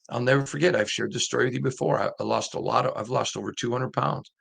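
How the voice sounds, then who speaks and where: A man's voice: mid-range voice, fast talker, vocal fry, hardly any pauses, fairly bright tone, husky. A middle-aged man hosting a sports show, talking in an earnest, emphatic way and repeating his points for stress. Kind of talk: casual commentary monologue.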